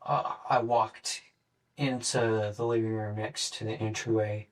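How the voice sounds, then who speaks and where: A young man in his late teens gives a police interrogation statement in a low, flat, matter-of-fact voice, halting with fillers. He is picked up by a distant mic in an interrogation room, so he sounds far away. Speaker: murder suspect being interrogated.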